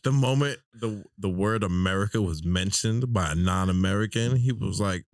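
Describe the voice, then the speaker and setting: A man co-hosting a podcast, low-key and chuckling, who draws out his punchlines. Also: normal speed, hardly any pauses, no echo. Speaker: podcast co-host. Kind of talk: casual chat.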